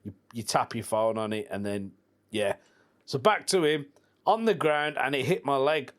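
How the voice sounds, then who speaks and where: A man's voice: mid-range voice, animated, moderate pace. A man hosting a casual solo podcast, telling stories in informal slang and laughing at his own jokes. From England. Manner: informal slang like "proper" and "mate". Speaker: podcast host.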